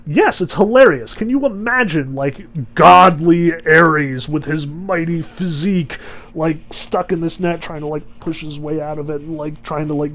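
A man giving a casual lecture to a class, rambling with many fillers. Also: a little high.

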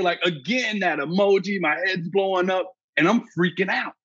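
A man, a birding educator and podcast guest, telling an excitable story and acting out his own past thoughts. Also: high-pitched, moderate pace, hardly any pauses, husky, no echo, highs cut off. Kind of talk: animated storytelling.

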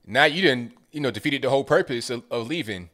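A man's voice: medium pitch, lively intonation, fast, sharp tone. A male call-in show host with a mid-range voice. He talks in a loose, chatty way, drifting into offhand asides before taking the next caller. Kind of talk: casual call-in talk.

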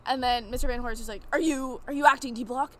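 Animated young woman telling a story. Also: sits high, quick pace. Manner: animated storyteller acting out quoted lines. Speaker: podcast guest. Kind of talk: casual chat, storytelling.

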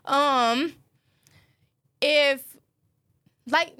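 A woman's voice: high voice, drawn-out words, bright, forceful tone. A woman co-hosting a casual chat, emphatic and opinionated.

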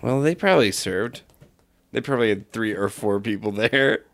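A man's voice: fairly low pitch, moderate pace, vocal fry, fairly bright tone. A man co-hosting a casual comedy podcast, joking and riffing freely. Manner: riffs in put-on accents, swears freely. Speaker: podcast co-host.

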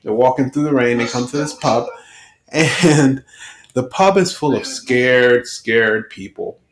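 A man hosting a podcast, retelling a film plot in a chatty way with quick asides. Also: mid-range voice, low-quality recording. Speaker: podcast host. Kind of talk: casual film recap.

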